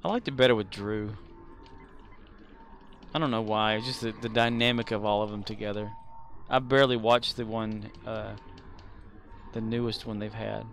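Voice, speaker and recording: A man's voice: on the low side, fairly even intonation, normal speed, vocal fry, long pauses, a bit bright, a little hiss or hum. A man streaming a game live, chatting casually and playfully with his chat. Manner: playful, puts on silly character voices.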